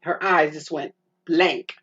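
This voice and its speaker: A woman's voice: deep voice, fairly even intonation, slow, a bit bright. Emotional middle-aged woman telling a story. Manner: emotional, rambling with restarts, addresses listener as "girl". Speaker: podcast host. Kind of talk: personal storytelling. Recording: muffled lo-fi with faint hiss.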